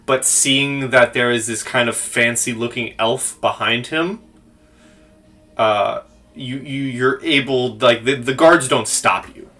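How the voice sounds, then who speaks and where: A man running a tabletop game and describing the scene at a slow, unhurried pace. He pauses often with fillers, and his voice is bright. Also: medium pitch, fairly even intonation. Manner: slow, hesitant, many fillers. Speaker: game master.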